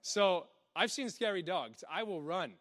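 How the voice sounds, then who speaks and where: A man preaching a lively sermon, animated, often laughing and acting out little voices. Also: high voice, a little slow.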